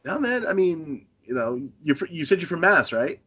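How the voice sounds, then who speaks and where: Animated, lively-pitched man telling stories. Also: moderate pace, breathy edge. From Northern Maine. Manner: animated storyteller, chuckles often. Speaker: pro wrestler guest. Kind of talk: casual interview chat.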